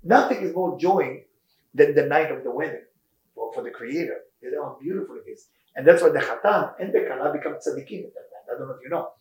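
A man leads an informal Torah class, his voice sitting a touch high. He tells stories with lively energy in broken English full of Hebrew words. The sound carries the echo of a reverberant room. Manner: animated storytelling, non-native English with Hebrew terms. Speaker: rabbi teaching a class. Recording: echoey room.

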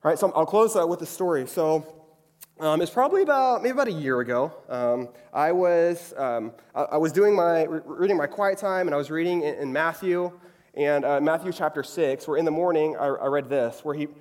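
A young man preaches in a loose, chatty way, often asking his listeners for agreement. His voice sits a bit higher than most men's. It carries a long echo, as if recorded in a large hall. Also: fairly quick, a little mellow. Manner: chatty, frequently asks "right?". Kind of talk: conversational sermon.

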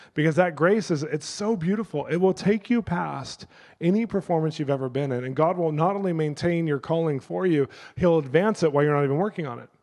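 A middle-aged male pastor preaching a sermon through lively personal stories, acting out the people in them. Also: a little high, long reverb tail. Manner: animated, acts out the people in his stories. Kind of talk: sermon storytelling.

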